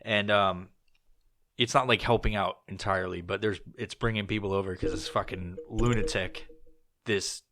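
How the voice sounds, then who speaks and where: A man's voice: on the low side, fairly even intonation, moderate pace, sharp tone. A man hosting a podcast, telling a rambling, profanity-laced story in a loose, casual way with plenty of fillers. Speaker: podcast host.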